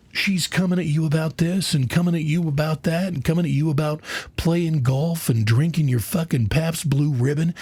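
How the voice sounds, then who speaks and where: A man's voice: on the high side, a little mellow, slightly rough, dry recording. A man giving a satirical mock lecture, mock-earnest, preachy and profane. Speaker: comedian, mock speaker. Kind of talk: satirical mock TED talk.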